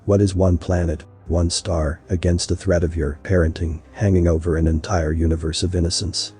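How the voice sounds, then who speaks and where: A man's voice: level tone, normal speed, mellow, soft background music, natural voice. A man voicing a vengeful, mocking human man who confronts a god, in a story reading. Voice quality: deep husky voice. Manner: mocking and bitter.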